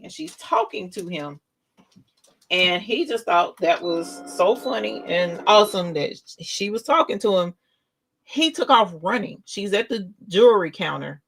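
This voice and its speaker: An older woman, a grandmother, hosting a casual live craft stream and telling an animated, chatty story while demonstrating. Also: mid-range voice, low-quality recording.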